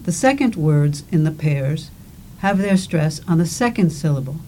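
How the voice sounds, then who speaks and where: A woman giving scripted instructional narration for a language course, speaking deliberately and enunciating with care. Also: low voice, expressive, mellow, a little hiss or hum, poor audio. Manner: slow, deliberate, careful enunciation.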